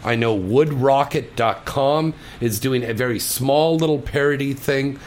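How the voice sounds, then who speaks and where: A man's voice: mid-range voice, measured pace. A middle-aged man hosting a radio talk show, joking crudely and chatting casually. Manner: crude, boastful banter.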